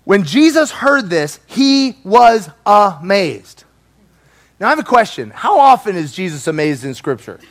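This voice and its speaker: Male preacher, high and very expressive, playful sermon delivery. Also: a little slow. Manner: animated and playful, acting out voices.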